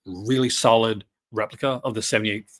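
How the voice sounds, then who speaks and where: A man's voice: on the low side, steady tone, brisk. Rambling man in his fifties. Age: 50s. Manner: rambling, many fillers and restarts. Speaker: podcast host. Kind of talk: casual chat.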